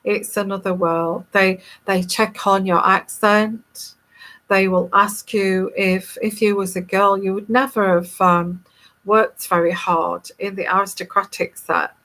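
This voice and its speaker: A woman's voice: mid-range voice, level tone, measured pace, a bit bright. A woman with a neutral English accent, a tarot reader talking casually to viewers in a rambling, emphatic and scornful way.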